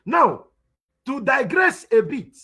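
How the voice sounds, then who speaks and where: Igbo-accented Nigerian man, teacher type, very high forceful voice, hammers his points home. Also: very animated, slow, slightly rough. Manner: emphatic, repeats points, asks rhetorical questions. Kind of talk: spoken lecture.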